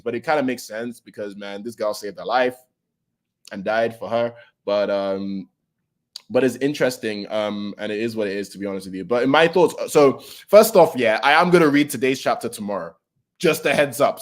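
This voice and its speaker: A young man chatting casually on a livestream as he reacts to a manga, greeting viewers by name and swearing loosely. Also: medium pitch.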